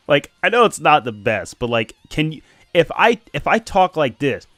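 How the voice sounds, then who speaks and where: A man streams and chats casually, breaking into laughter often. His pitch swings lively up and down. The sound is dry and close, with faint music underneath. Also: moderate pace, no room sound. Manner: animated, chatty, laughs often. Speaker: streamer reading and analysing manga. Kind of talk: casual live-stream chat.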